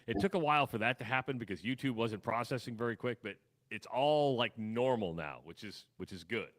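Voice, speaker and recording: Self-deprecating Midwestern radio co-host. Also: male voice, mid-range voice, expressive, a little fast, fairly bright tone. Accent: Midwestern American. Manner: self-deprecating, rambling with restarts. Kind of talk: casual radio chat. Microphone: studio microphone.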